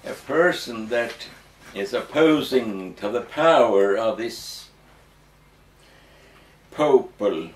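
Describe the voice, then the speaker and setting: Slow, halting man in an echoey room. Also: mid-range voice, lively intonation. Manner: slow and hesitant, many ums and restarts. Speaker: interviewee. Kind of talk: halting explanatory interview answers. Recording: echoey room, distant mic, faint noise.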